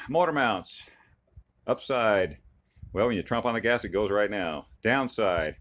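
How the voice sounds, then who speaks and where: A middle-aged man talking casually and enthusiastically about his car repair, folksy and rambling with fillers. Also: deep voice. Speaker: car hobbyist vlogger. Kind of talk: casual DIY car vlog.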